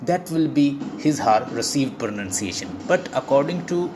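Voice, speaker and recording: A man teaching an online lesson, restating each point in several ways and often pausing on "uh" and "you know". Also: medium pitch, expressive, noisy background. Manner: explains by repeating points, with many fillers like uh and you know. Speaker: English teacher. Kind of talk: online lecture.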